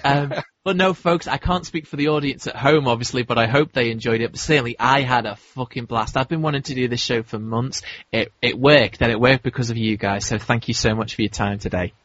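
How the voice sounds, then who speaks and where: A man's voice: mid-range voice, fairly quick, few pauses, fairly bright tone, dry recording. Male podcast host, dry close sound, dull lo-fi recording, casual and jokey. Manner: laughs often, jokey. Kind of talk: casual chat.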